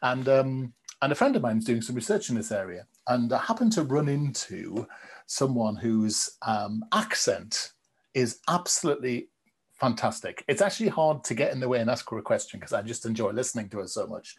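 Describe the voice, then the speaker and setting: A man's voice: medium pitch, very animated, normal speed, husky. A man hosting a podcast, chatting casually with his guest. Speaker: podcast host. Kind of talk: podcast intro and interview.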